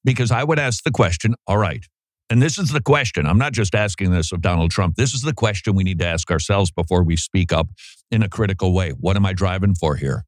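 Guy hosting a talk show, lowish voice, animated, dry close mic. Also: brisk, no room sound. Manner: animated, puts on voices for quotes. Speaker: podcast host. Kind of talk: casual commentary.

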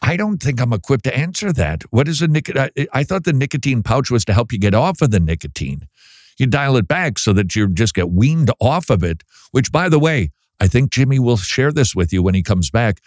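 A man's voice: mid-range voice, very animated, a little fast, dry recording, clean studio sound. A middle-aged man hosting a casual Christian talk show, chatty with wry asides, sometimes stumbling over his words. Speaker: podcast host.

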